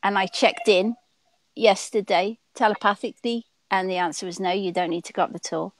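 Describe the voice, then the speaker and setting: A woman's voice: mid-range voice, fairly even intonation, a little fast, rough recording. A woman with an English accent, a guest on a casual livestream chat, talking in a chatty, affectionate way.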